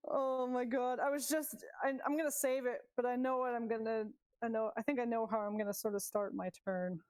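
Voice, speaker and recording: A woman's voice: fairly high pitch, fairly even intonation, moderate pace, a little mellow. A woman playing in a tabletop game, chatting with enthusiasm about her character's plans. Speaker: player. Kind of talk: casual chat over a tabletop game.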